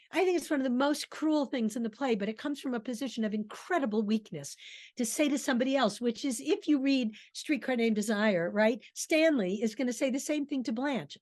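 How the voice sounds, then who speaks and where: A woman's voice: on the high side, fairly quick, a little mellow. A woman theatre director giving a conversational lecture on a play, breaking off to read lines aloud. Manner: conversational, with fillers and restarts, reading quotes aloud.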